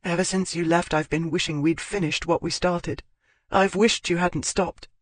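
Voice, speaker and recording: A man's voice: fairly high pitch, steady tone, moderate pace, dry recording, voice pushed up, natural voice. A man voicing a spirited, impulsive young country woman in an audiobook, raising his voice into her earnest, wavering pleas. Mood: pleading. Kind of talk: audiobook character voice.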